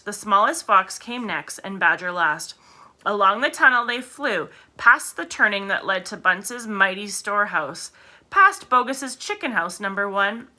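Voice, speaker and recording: Woman, reading a children's book aloud, expressive, animated, bright. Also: on the high side. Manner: expressive, corrects her own slips aloud. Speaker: reader.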